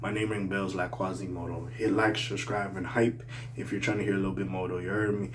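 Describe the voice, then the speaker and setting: A young man giving casual hip-hop opinion commentary, animated, jumping between loud outbursts and mumbled asides, with a slight accent. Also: low voice, a little fast, a little hiss or hum. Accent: slight regional accent.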